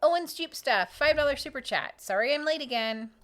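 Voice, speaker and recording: A woman's voice: expressive, brisk, a bit bright. A sleepy, chatty woman co-hosting a live tool show, reading viewer super chats and thanking donors playfully. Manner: chatty, sings playful high dings for donations. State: sleepy, yawning. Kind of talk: casual live-stream chat.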